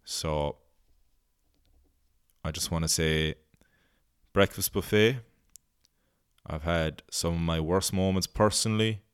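A man's voice: low-pitched, takes it slowly, long pauses, clean tone, dry recording, studio quality. An Irish man hosting a podcast, rambling comically, swearing a lot and slipping into silly voices. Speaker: podcast host. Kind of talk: casual comedic monologue.

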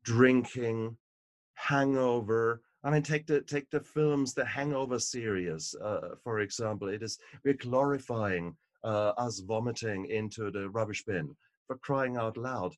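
A man's voice: mid-range voice, unhurried, no room sound. A man, an author and guest, talking emphatically in a podcast conversation and repeating words for stress.

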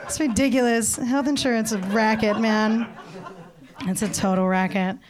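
Young female stand-up comic, rambling storyteller, a touch high in pitch. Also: normal speed, a crowd in the background. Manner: rambling, animated storytelling with laughs and acted-out voices. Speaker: stand-up comedian. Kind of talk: stand-up comedy set.

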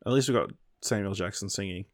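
A man co-hosting a casual film podcast, laid-back and often trailing off quietly. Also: fairly low pitch, fast talker, no room sound, clean studio sound. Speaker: podcast co-host.

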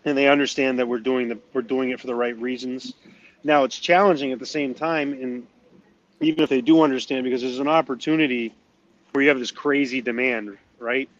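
A man's voice: mid-range voice, steady tone, brisk, muffled recording. A man from northern Maine, a guest on a podcast, chatting in a self-deprecating way with frequent restarts. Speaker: cigar company guest. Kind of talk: casual interview chat.

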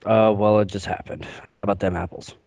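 Easygoing co-host, lowish man's voice, dry recording. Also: level tone, brisk, darkish tone, dry recording, muffled recording. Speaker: podcast co-host. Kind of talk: casual chat.

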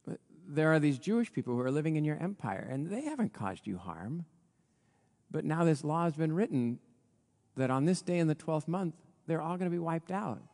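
A man preaching a storytelling sermon, his fairly high voice swinging widely as he acts out each character's lines. His pitch leaps and drops with the drama of the story. A long reverb trails every phrase, as in a church hall. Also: very animated, normal speed, darkish tone. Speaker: pastor.

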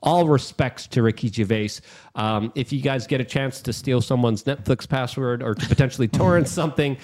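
Profane, excitable man on a podcast. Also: medium pitch, normal speed. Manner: profane, animated, swings loud in excitement. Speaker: podcast co-host. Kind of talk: casual podcast chat.

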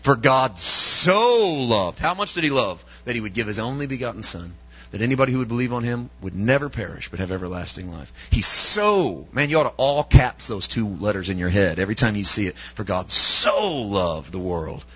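Husky-voiced male preacher, emphatic. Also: lowish voice, big pitch swings, fast, a bit bright, lo-fi sound. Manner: emphatic, asks the congregation rhetorical questions. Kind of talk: sermon.

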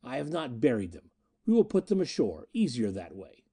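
A man voicing a sardonic, commanding male pirate captain with a rasping note in an audiobook. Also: medium pitch, huge pitch swings, moderate pace, dark tone, exaggerated voice.

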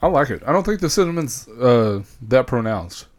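A man co-hosting a casual podcast, adding dry, quick joking asides. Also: mid-range voice, big pitch swings. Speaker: podcast co-host.

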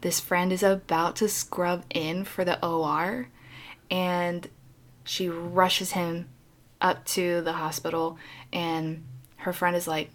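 A woman retelling a film plot in casual chat, animated and acting out the characters. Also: lowish voice, slow pace. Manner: animated storytelling, acting out voices.

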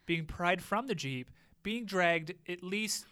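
A podcast co-host who leads a casual, animated recap of a TV episode's plot. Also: medium pitch, takes it slowly, clean tone, dry recording.

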